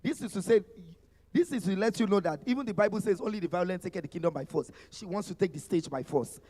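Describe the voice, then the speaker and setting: A fast-talking man with a Nigerian accent hosts a live expo panel in a high-pitched but dark-toned voice, with a long reverb tail trailing his words. He playfully teases and hypes his guests in a sing-song manner while music plays behind the stage.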